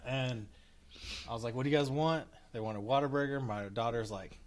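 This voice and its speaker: Animated man telling a story. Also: medium pitch, fairly quick. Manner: animated, acts out quotes with cursing. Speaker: podcast co-host. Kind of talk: casual storytelling chat.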